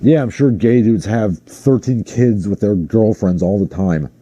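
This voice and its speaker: A man's voice: on the low side, a little slow, mellow, slightly rough, no echo. A man hosting a livestream in a casual, ranting commentary style, sarcastic and exasperated. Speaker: livestream host.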